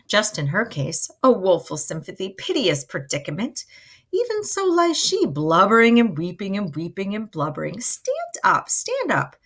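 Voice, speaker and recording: A woman voicing a fussy, emotional older nurse who pleads in a high, dramatic voice, in a dramatic reading of a play. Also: huge pitch swings, moderate pace, a bit bright, heavily acted. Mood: pleading.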